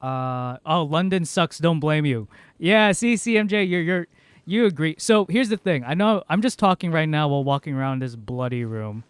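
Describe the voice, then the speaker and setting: A man's voice: a little high, lively intonation, normal speed, clean tone, no echo. A young American man rambling chattily through a casual livestream, laughing often. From United States. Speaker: streamer.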